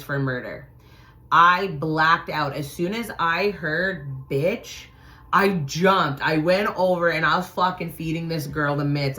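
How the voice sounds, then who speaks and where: A middle-aged woman telling a personal story to viewers in a blunt, profane way, acting out quotes with sudden loud shouts. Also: deep voice.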